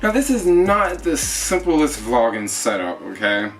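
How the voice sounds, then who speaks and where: A man's voice: mid-range voice, sing-song, unhurried, distant mic. A man vlogging casually while demonstrating his camera setup, rambling with fillers, talking into a small camera mic. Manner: chatty, rambling, lots of fillers. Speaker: travel vlogger. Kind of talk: casual gear demo. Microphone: GoPro with attached shotgun mic.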